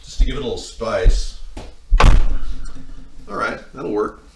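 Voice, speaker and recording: A man's voice: lowish voice, a little slow, gravelly, noisy background. A man hosting a casual livestream, chatting while he cooks, wandering off into long stories and answering viewers' comments. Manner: rambling, meandering storytelling, answering chat. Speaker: livestream host. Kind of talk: casual live-stream chat while cooking.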